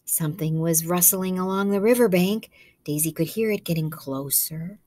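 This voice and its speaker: A woman, a kindergarten teacher, reading a picture book aloud to children in a gentle, coaxing way, asking them questions and dropping to soft whispers. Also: on the low side, normal speed, slight background noise.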